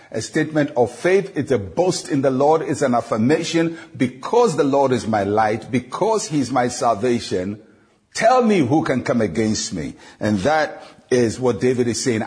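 A male pastor giving a devotional sermon, teaching in a measured way, slowing down on scripture quotes and pausing with frequent "uh" fillers. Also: mid-range voice, a little mellow, husky. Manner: frequent "uh" fillers between phrases.

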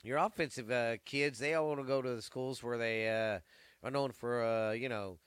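A man's voice: medium pitch, fairly even intonation, moderate pace, clean tone, no echo, clean studio sound. A man hosting a sports show, chatting casually in a rambling, profane way. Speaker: podcast host.

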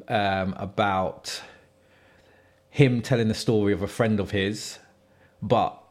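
A man chatting casually as a podcast co-host, relaxed and quick to agree. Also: on the low side. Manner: relaxed, frequent agreeing backchannels. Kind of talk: casual chat.

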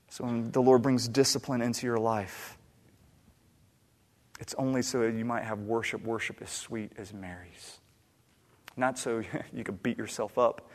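A pastor preaching a sermon, dramatic and emphatic, dropping to a hush and then rising to loud outbursts. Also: male voice, medium pitch. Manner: dramatic, swings from hushed to shouting. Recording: long hall reverb.

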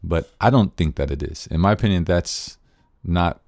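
A man's voice: sits low, normal speed, gravelly, darkish tone, no room sound, clean studio sound. A man giving an earnest, casual spoken lesson on nonviolent communication, thinking aloud with frequent restarts.

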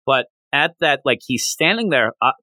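A man's voice: medium pitch, animated, moderate pace, pushed and bright, no echo. A man co-hosting a podcast, chatting casually and animatedly as he retells scenes from a comic chapter. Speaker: podcast co-host. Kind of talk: casual chat recapping a manga chapter.

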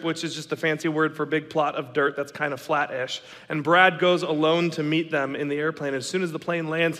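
A man in his thirties telling a story to an audience, animated and dramatic, acting out the lines of the people in it. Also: a little high. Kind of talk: storytelling talk. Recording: long reverb of a hall.

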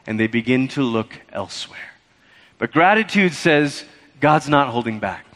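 A man preaching a sermon as pastor, animated and conversational, acting out quoted voices. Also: mid-range voice, moderate pace, in a large hall.

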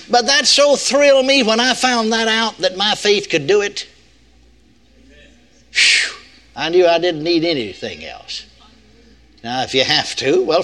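Animated older preacher. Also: male voice, fairly high pitch. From United States. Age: 60s. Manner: folksy, playful, chuckling asides to the audience. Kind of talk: sermon.

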